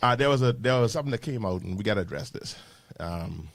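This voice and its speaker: A pastor with a Bahamian accent hosting a casual radio panel talk, reading out listener messages and steering the topics. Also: male voice, fairly low pitch, expressive, fast, no room sound. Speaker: pastor and radio show host. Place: radio studio.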